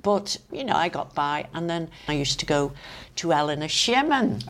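Older Manx woman with a low, creaky voice. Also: normal speed, a little hiss or hum. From Isle of Man. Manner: lively storyteller, laughs often, acts out voices. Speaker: interviewee. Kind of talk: reminiscing conversation.

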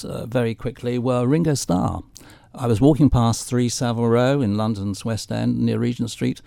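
A man's voice: mid-range voice, vocal fry, mellow, no echo, clean studio sound. An older man telling theatrical anecdotes as a guest on a radio chat show. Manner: theatrical storyteller.

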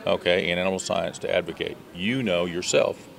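A man's voice: deep voice, a little fast, gravelly. An American man who leads a student agriculture tour, answering interview questions earnestly and advocating for farming, with some restarts. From USA.

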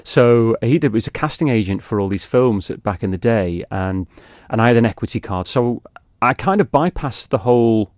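A man's voice: medium pitch, expressive, moderate pace, hardly any pauses, a little mellow, no room sound, clean studio sound. A middle-aged man, an actor guest, telling self-deprecating stories in a rambling, laughing way. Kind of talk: anecdotal podcast chat.

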